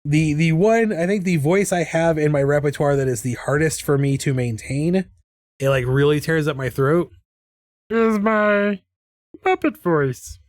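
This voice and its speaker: A man's voice: a little high, normal speed, darkish tone, dry recording, clean studio sound. A man chatting casually on a live art stream, rambling and restarting his sentences. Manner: rambling, with many restarts and laughs.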